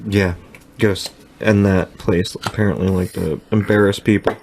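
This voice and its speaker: A deep-voiced American man hosts a casual podcast chat. He talks in a relaxed, loose way and drops in fillers as he goes. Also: moderate pace, creaky, background noise. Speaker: podcast host.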